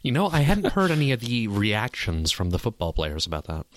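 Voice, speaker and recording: A man co-hosting a casual podcast, a teacher who talks haltingly while searching for words, after a few drinks. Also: fairly low pitch, sing-song. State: has been drinking. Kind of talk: casual chat. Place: small home studio room.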